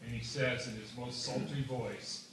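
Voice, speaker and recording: An older man telling stand-up jokes with deadpan delivery at a community variety show, heard from far off in an echoey hall with an audience behind him. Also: mid-range voice, measured pace, a little hiss or hum. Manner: deadpan storytelling with punchlines. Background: audience laughter.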